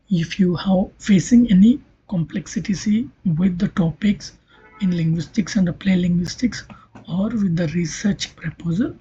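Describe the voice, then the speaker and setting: Breathy, husky-voiced linguistics lecturer. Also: medium pitch, warm tone. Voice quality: breathy, half-whispered delivery. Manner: checks understanding with "Clear?" and "right?"; repeats and corrects themself mid-explanation. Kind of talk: explanatory online lecture. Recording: dull lo-fi recording.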